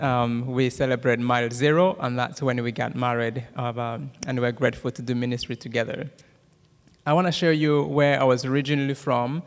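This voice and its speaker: A man in his thirties from Rwanda with a Rwandan accent gives a church testimony and prayer, talking fast with many "uh" fillers and jokes with the audience. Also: medium pitch. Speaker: guest speaker giving a testimony. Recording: long hall reverb.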